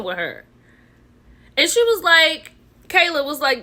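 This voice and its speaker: A woman's voice: high-pitched, moderate pace. Gossipy woman recapping a show. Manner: animated and gossipy, keeps saying "child" and "baby". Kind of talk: casual reality-show recap commentary.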